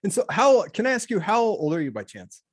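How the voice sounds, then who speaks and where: A man's voice: high-pitched, wildly swooping pitch, brisk. A man in his thirties from Montana, hosting a casual interview and asking curious questions between laughs. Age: 30s. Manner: curious, friendly, laughs often. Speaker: host.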